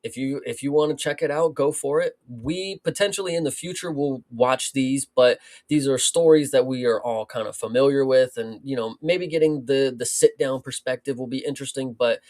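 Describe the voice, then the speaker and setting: A man's voice: mid-range voice, moderate pace, few pauses, a little mellow. A man co-hosting a casual sports talk show, rambling with lots of fillers and restarts. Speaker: podcast co-host. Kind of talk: casual chat.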